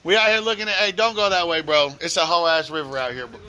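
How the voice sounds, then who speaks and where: A man from Oklahoma with an Oklahoma accent, livestreaming outdoors by a flooded street at night, giving loud, joking commentary full of slang. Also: fairly high pitch, steady tone, fast, clean tone. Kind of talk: casual live commentary.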